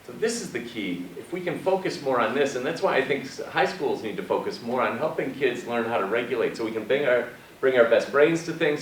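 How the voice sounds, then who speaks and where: A man giving a conversational presentation to high school students, asking them questions. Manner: conversational, asks the audience questions. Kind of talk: presentation talk. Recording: echoey room, far from mic, faint noise.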